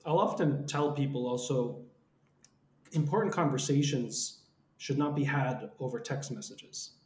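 A man hosting a podcast conversation, steady and reflective, now and then pausing on filler words. His voice sits at a middle pitch. The recording carries a noticeable roomy echo. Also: a little hiss or hum. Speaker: podcast host.

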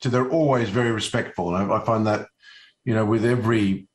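An Australian man with an Australian accent, guesting as an actor in a relaxed interview, speaks haltingly with lots of fillers and restarts. His voice sits on the low side and his tone stays steady.

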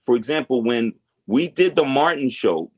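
A man's voice: mid-range voice, animated, normal speed. A middle-aged man speaking as a guest in a casual interview, laid-back and frank with slangy talk.

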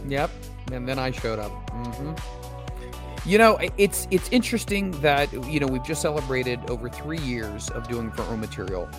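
A man's voice: mid-range voice, lively intonation, normal speed, over music. A man hosting a show, welcoming listeners and bantering in a playful, mock-boastful way. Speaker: host. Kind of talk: casual chat on a stream.

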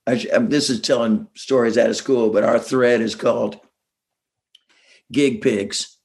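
A man's voice: medium pitch, steady tone, fairly quick, vocal fry, darkish tone. A man, a musician guest, telling stories in a rambling way with many restarts and chuckles. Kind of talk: casual interview storytelling.

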